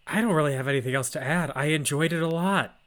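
A man co-hosting a podcast in casual movie chat, with dry, deadpan humor. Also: on the high side, fast talker. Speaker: podcast co-host.

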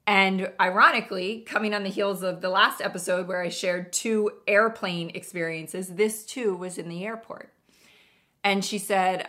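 A woman's voice: fairly low pitch, steady tone, normal speed, sharp tone. A woman podcast host telling stories in an earnest, emphatic, conversational way. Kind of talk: casual storytelling monologue.

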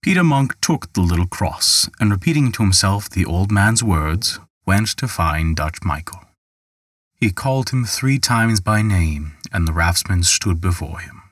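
A man narrating a folk tale in a measured, calm storytelling manner. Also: sits low, dry recording, studio quality, recorded from a distance.

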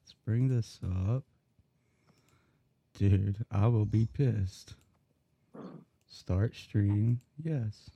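A man's voice: on the low side, fairly even intonation, drawn-out words, pauses often, warm tone, husky, no room sound, lo-fi sound. A man hosting a live podcast, chatting casually, swearing and joking as he rambles. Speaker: podcast host. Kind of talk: casual live-stream banter.

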